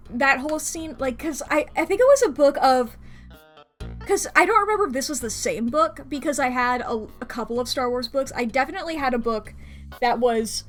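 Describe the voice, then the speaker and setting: A woman's voice: high-pitched, fairly bright tone. A young woman streaming a video game, rambling casually and laughing often. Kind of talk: casual gameplay chat.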